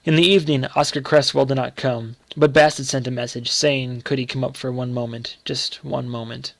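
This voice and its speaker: Gravelly man narrating a story. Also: medium pitch, steady tone, dry recording. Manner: measured, dramatic storytelling. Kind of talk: scripted narration of a short story.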